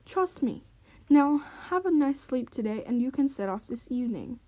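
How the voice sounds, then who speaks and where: A woman's voice: sits high, animated, normal speed, dull audio. A woman doing a chirpy bossy magpie teacher.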